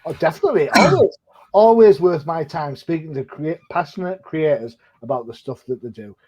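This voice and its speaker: A man's voice: on the high side, expressive, normal speed, husky. An older man hosting a podcast, talking casually and joking at his own expense, with plenty of fillers. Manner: chatty and self-deprecating, many fillers. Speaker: podcast host. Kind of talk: casual chat. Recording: dull lo-fi sound.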